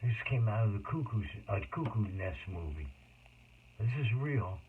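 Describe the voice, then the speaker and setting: A man telling a personal story in a rambling, emotional monologue with sudden loud outbursts. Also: fairly low pitch, very animated, normal speed. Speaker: autobiographical storyteller. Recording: tinny phone-like noisy recording.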